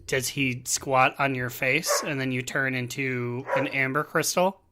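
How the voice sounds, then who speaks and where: A man's voice: medium pitch, fairly even intonation, measured pace, noisy background. A man co-hosting a casual gaming podcast from home, rambling and laughing as he talks. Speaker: podcast co-host.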